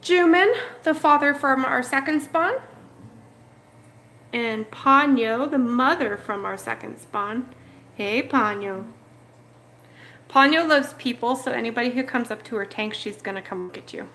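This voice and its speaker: Woman, slow unhurried talk, fond and chatty, livestream from a home fish room, handheld camera. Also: on the high side, bright, forceful tone, a little hiss or hum. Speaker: betta fish breeder and channel host. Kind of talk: casual livestream chat. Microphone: handheld camera moved around the room.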